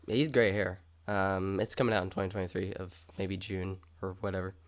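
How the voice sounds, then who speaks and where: A man's voice: sits low, little pitch movement, brisk. A young man co-hosting a casual podcast, chatty and upbeat, rambling with lots of fillers. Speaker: podcast co-host.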